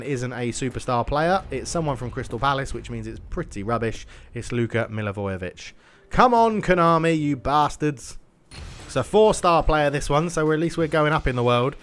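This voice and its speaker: A young man giving lively play-by-play of his own football video game match, often bursting into loud cheers. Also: mid-range voice. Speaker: gaming YouTuber.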